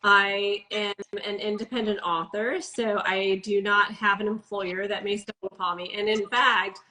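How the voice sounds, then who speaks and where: A woman from the American Midwest hosting a casual interview, candid and animated as she tells stories. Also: medium pitch, normal speed, rough recording. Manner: candid, animated storyteller, laughs easily. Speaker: interview host.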